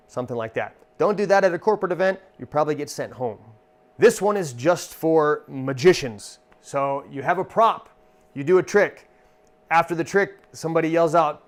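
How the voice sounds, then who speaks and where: Slightly high-voiced man giving stage tips. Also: moderate pace. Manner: conversational, relaxed storytelling. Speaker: stage entertainer and magician. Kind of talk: instructional talk demonstrating comic one-liners.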